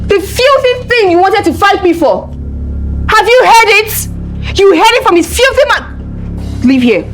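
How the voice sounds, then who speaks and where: A woman's voice: sits high, animated, a little slow, roomy sound, faint music behind. An actress with a Nigerian accent playing a scornful young princess who hurls insults at her twin sister. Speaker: lead actress. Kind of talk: film drama acting.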